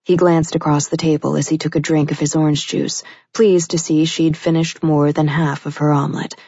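A woman narrating a romance audiobook with a low, dark, husky voice. Her reading is steady and intimate. It is recorded dry and sounds dull and lo-fi. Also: normal speed, no room sound.

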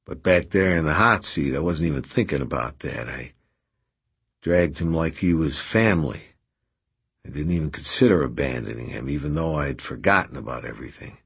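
A man reading an audiobook aloud in a steady, measured scripted narration. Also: very deep voice, vocal fry, husky.

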